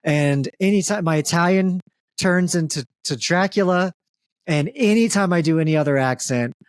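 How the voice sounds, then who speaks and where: A man from the American South trading jokes in a loose, chatty podcast conversation. He pokes fun at himself and laughs easily, his voice sitting a touch high for a man. The sound is dry and close, with no room echo. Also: moderate pace, clean tone. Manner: joking, self-deprecating, laughs often. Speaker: podcast co-host. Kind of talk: casual comedic chat.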